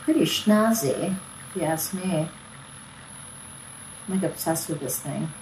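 A woman's voice: low-pitched, expressive, measured pace, darkish tone. A woman vlogging for her fitness channel in a casual, upbeat, chatty way, talking straight to her viewers on a phone camera. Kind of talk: casual vlog talk. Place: kitchen, then a gym. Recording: echoey room with background noise.

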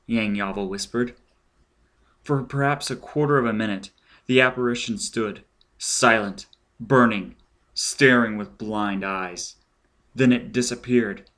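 A man reading a science fiction audiobook aloud in a measured, dramatic storytelling manner. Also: medium pitch, fairly bright tone. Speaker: audiobook reader. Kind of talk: audiobook narration.

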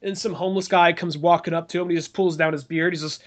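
Man, casual podcast chat, slightly high voice, swears a lot, acts out movie scenes. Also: fast. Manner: loose, profane, animated retelling of scenes. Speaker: podcast co-host.

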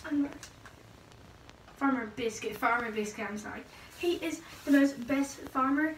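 A young woman performs a comedy sketch with bubbly, giggly energy. Her voice is high and sounds far from the mic in an echoey room, with faint noise behind. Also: normal speed. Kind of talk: playful sketch acting.

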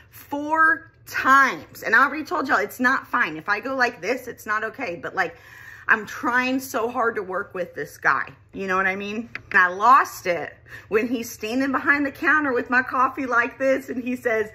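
Exasperated, husky-voiced woman ranting. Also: mid-range voice, normal speed. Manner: exasperated, animated, swearing. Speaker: vlogger. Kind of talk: ranting storytime.

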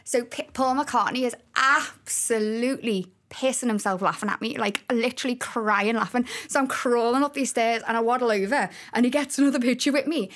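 A young woman with a strong Scouse accent tells stories in an animated, chatty way. Her voice sits a little high for a woman, and she talks freely as a podcast guest. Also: brisk, few pauses. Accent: Scouse (Liverpool). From Liverpool, England. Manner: animated, chatty storyteller with laughs. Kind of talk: casual podcast chat.

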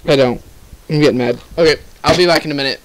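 A young man with a fairly high voice talks fast in let's play commentary, addressing the game directly. He's exasperated and swears heavily throughout, as a gaming video host.

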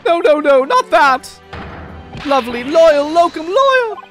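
A woman voicing an excitable Japanese man, a visiting scholar who gushes in alliteration. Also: sits high, slow, faint music behind, voice pushed up, exaggerated voice. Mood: elated. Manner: gushing, loves alliteration.

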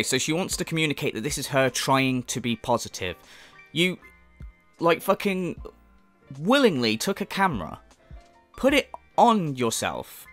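A man's voice: a little high, a bit bright. A man ranting in commentary, exasperated and profane, incredulous at what he describes. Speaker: commentary video host.

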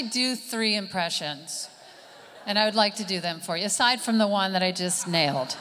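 A woman comedian performing a stand-up set live on stage, with a dry, deadpan delivery. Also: medium pitch, moderate pace. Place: stage at a live summit event, indoors. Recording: live hall reverb, faint room noise.

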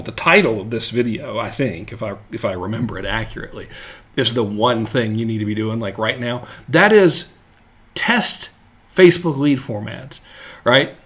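Guy teaching marketing on a live stream, mid-pitch voice, super casual, keeps saying all right and right. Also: a bit bright. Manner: loose and jokey, full of fillers and check-ins. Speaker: marketing coach.

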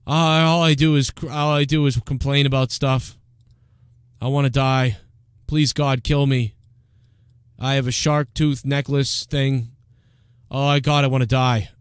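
A man doing a mocking impression of a gloomy, self-pitying male radio host who drones slowly. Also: mid-range voice, smooth, dry recording, clean studio sound, lightly acted. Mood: despondent. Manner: droning, slow, despondent monotone.

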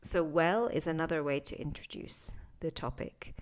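A woman teaching English phrases in a chatty podcast lesson, acting out sample lines with lively intonation. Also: low voice, normal speed.

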